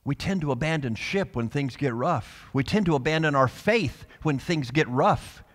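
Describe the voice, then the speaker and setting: A male pastor preaching a sermon with passion, dropping to soft tones and then rising to loud calls. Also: on the high side, expressive, moderate pace, big-room sound. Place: church sanctuary.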